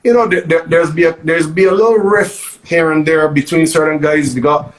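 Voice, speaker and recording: A man's voice: a little high, moderate pace, low-quality recording. A man, a guest DJ telling stories in a casual interview with emphatic repeats. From Barbados. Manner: animated storytelling, emphatic repeats.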